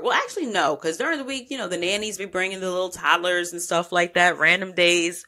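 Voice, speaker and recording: A woman chats through her travel stories with a bright, forward tone. She is candid and animated, and her talk is full of slang and curse words as she recaps her meals and outings. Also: lowish voice, a little fast, hardly any pauses. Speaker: travel podcast host. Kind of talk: casual travel storytelling.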